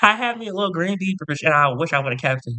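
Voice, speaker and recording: Male vlogger, sassy and dramatic storytime ranter, bright forceful voice. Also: on the high side, expressive, fast talker. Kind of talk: storytime rant to camera.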